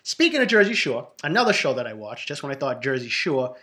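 A man's voice: mid-range voice, big pitch swings, fairly quick, pushed and bright. A man from Boston with a Boston accent, giving a blunt, profane, ranting review of reality TV shows in a casual monologue.

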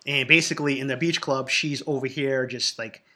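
A man's voice: mid-range voice, fairly even intonation, normal speed, pushed and bright, slight background noise. Blunt, profane Boston man ranting. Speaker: reality TV reviewer. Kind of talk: casual profane monologue.

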